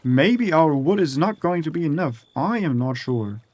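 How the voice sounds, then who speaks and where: A man's voice: a little high, lively intonation, normal speed, a little mellow, no room sound. A young man giving casual, profane commentary while building in a video game, muttering to himself as he works. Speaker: gaming streamer.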